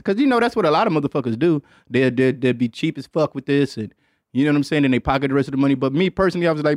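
A man's voice: medium pitch, expressive, rapid-fire, dry recording, clean studio sound. A man hosting a casual podcast, talking loosely and profanely and laughing often as he rambles. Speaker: podcast host.

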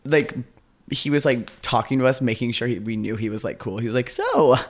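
A man chiming in on a shared story in casual, gossipy chat, excitable and quick to act out quotes. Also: medium pitch. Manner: excitable, chimes in, acts out quotes.

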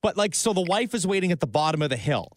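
A man's voice: high voice, big pitch swings, fast talker, no echo, clean studio sound. Easygoing man radio co-host. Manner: easygoing, laughing, rambling with lots of "like". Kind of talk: casual radio chat. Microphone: studio microphone.

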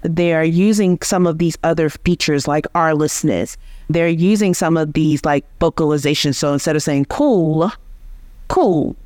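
A woman's voice: low voice, moderate pace, a little mellow, no room sound, studio quality. A woman linguist, a guest on an interview, explaining speech patterns patiently and often checking in with "right?".

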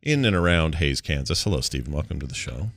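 A man's voice: extremely low pitch, expressive, fast talker, dry recording. A man hosting a podcast in casual chat, joking and bantering playfully. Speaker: podcast host.

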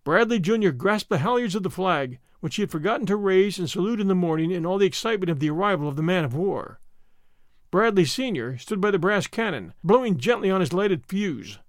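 A man narrating an adventure story in an expressive storytelling manner. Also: sits high, a little fast, dry recording, studio quality. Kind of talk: scripted narration.

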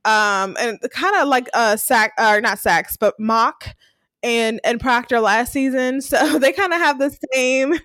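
A woman's voice: a little high, unhurried, fairly bright tone, no echo. A woman co-hosting a podcast, casually recapping a TV episode and animatedly acting out the characters' lines. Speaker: podcast co-host.

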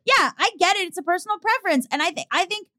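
A woman's voice: very high-pitched, expressive, fast, sharp tone. A young woman co-hosting a podcast, talking in a casual, chatty and self-mocking way, full of fillers. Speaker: podcast co-host. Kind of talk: casual chat.

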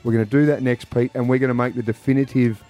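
A man's voice: mid-range voice, flat delivery, mellow, soft background music. A man hosting a morning radio show, chatting in an upbeat, jokey way with his guest and co-host. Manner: jokey, upbeat, quick asides. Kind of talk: casual radio chat.

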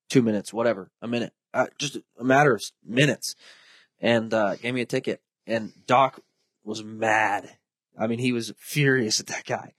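A man's voice: mid-range voice, normal speed, no echo, clean studio sound. Man telling hunting stories. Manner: animated storyteller, acts out quoted voices. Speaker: podcast host. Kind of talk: casual storytelling chat.

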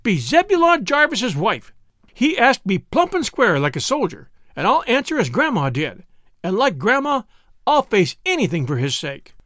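Man voicing an excitable young woman. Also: moderate pace, dry recording, clean studio sound, full character voice. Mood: excited. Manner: breathless, eager, high-strung exclamations.

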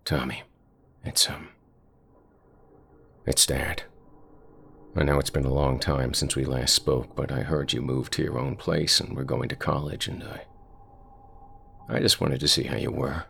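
A man voicing an estranged middle-aged father who speaks in a hesitant, halting way. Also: very deep voice, little pitch movement, vocal fry, sharp tone, a little hiss or hum, heavily acted. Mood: apologetic.

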